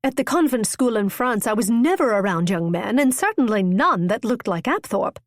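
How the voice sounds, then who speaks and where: A woman's voice: on the high side, big pitch swings, normal speed, dry recording, clean studio sound. A woman voicing an impulsive, witty young noblewoman who tells her tale eagerly and theatrically. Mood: lively. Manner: bright, eager, storytelling.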